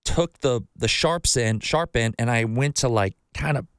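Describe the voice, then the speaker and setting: A man hosts a casual podcast and tells long stories, swearing freely and acting out what he said at the time. His voice sits in a middle pitch. It is recorded close and dry, with no room sound. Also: a little slow, a bit bright, smooth, no room sound. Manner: swearing storyteller, acts out his own quotes. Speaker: podcast host.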